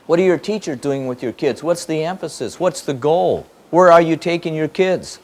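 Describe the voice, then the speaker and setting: A spiritual teacher with a somewhat high, slightly mellow voice speaks at normal speed to a live audience in a hall. His teaching is emphatic and repetitive, full of rhetorical questions.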